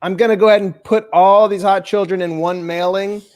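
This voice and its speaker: Comedy telethon host, man, high voice, rambling deadpan delivery. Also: a little fast. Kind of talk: improvised comedy banter.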